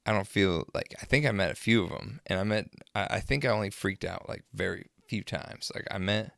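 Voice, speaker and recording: Young dude vlogging, kinda low gravelly voice, rambly and crude, dry sound. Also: male voice, brisk, fairly bright tone, no echo. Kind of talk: casual storytelling.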